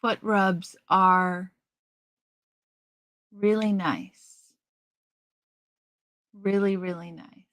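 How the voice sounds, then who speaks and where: A woman's voice: medium pitch, fairly even intonation, fairly bright tone, no echo. A middle-aged woman hosting a live stream, chatting casually and rambling as she answers viewers. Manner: chatty, slow, rambling with restarts.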